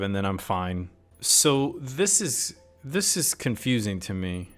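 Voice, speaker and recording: Man, TV reviewer, mid pitch, casual commentary, puzzled, critical. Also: big pitch swings, slow pace, a bit bright. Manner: puzzled, critical, reads out lines of dialogue. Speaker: TV series reviewer.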